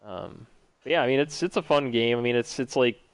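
A man in casual conversation about video games, relaxed and rambling with lots of fillers. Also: medium pitch, fairly quick, clear, resonant tone, dry recording.

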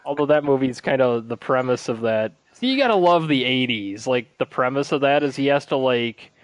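A man's voice: mid-range voice, lively intonation, brisk, dry recording. Guy rambling on a podcast, lots of likes and laughs, dead dry mic. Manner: rambling, filler-heavy, laughs while telling stories. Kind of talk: casual chat.

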